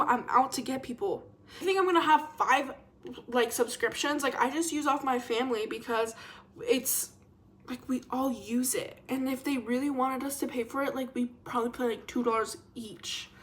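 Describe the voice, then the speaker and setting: A young woman vlogger in a casual, rambling chat to camera, expressive and self-mocking. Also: a little high, slight background noise.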